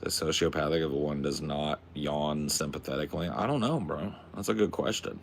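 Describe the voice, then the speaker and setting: Very deep, gravelly laid-back man. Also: moderate pace, a little hiss or hum. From Pacific Northwest. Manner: laid-back, slangy, swears a lot. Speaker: streamer. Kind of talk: casual livestream chat.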